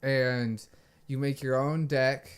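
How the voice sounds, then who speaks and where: A young man with a clear, resonant mid-range voice speaks slowly as a podcast co-host in casual chat. He tells a rambling story packed with fillers and frequent swearing, animatedly quoting people along the way.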